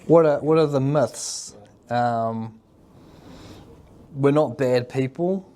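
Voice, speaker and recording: A man's voice: medium pitch, takes it slowly, warm tone. Kiwi guy chatting loose in an interview, rambly, tacks "eh?" on everything. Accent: New Zealand. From New Zealand. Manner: rambling, full of fillers and "eh?" tags. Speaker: mental health worker, guest. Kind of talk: casual interview chat.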